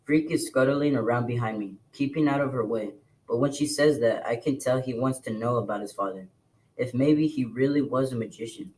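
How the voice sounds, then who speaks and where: A man reading a novel aloud to a class in plain, steady storytelling. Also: medium pitch, a little fast, poor audio. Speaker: reader.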